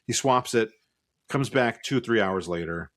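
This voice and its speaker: Male co-host, low register, loose storyteller who plays out the dialogue. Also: unhurried. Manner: animated anecdote-telling, acts out both sides of the exchange; swears casually. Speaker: podcast co-host. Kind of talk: casual storytelling chat.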